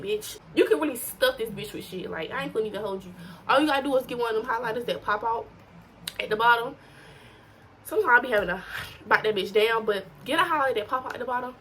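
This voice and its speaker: A woman's voice: fairly high pitch, fairly bright tone, slight background noise, rough recording. A teenage girl giving casual, profane tips to her viewers in a blunt, slangy way. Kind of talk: casual to-camera advice.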